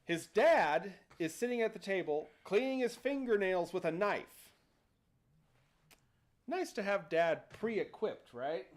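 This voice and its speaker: Slow and high-voiced, this man hosting a livestream tells a story in a relaxed way. He brings lively, playful energy, voicing the characters himself.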